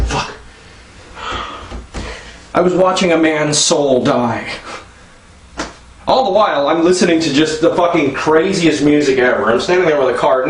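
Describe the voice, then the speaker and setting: A man telling a crude, exasperated comedy rant about strangers, acting out their voices as he goes. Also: a little high. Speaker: stand-up comic. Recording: echoey room, mic at a distance, faint background noise.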